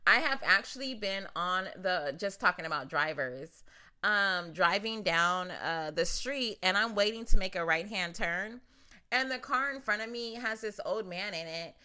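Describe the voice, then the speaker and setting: A woman's voice: medium pitch, measured pace, smooth. A young woman from Long Beach, California, co-hosting a podcast and telling stories in casual, profane chat, often laughing. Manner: animated, profane, laughing storyteller. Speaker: podcast co-host.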